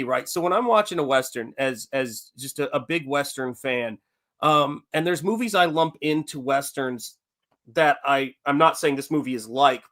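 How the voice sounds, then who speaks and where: A man's voice: mid-range voice, fairly bright tone. A man talking casually as host about Westerns, rambling and correcting himself as he goes. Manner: rambling, self-correcting, enthusiastic fan talk. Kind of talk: casual chat about movies.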